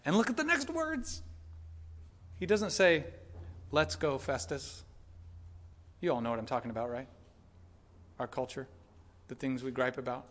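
A man preaching a sermon as pastor, shifting from calm Bible teaching to loud, fervent exhortation. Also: on the high side. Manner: builds from quiet teaching to loud impassioned preaching.

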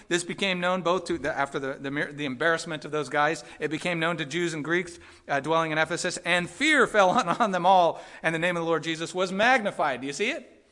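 Male pastor, forceful bright tone, somewhat high pitch; preaches emphatically, drops low and quiet for earnest points. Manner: emphatic, repeats points, animated swings from loud to quiet. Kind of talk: sermon.

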